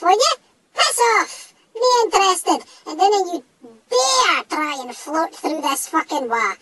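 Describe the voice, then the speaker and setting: A man voicing a small, cocky, foul-mouthed male dog with a northeast Scottish accent, speaking in a high squeaky voice. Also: sharp tone, a little hiss or hum, exaggerated voice, poor audio. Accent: Scottish (northeast, Doric). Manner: sweary, blustering tough talk.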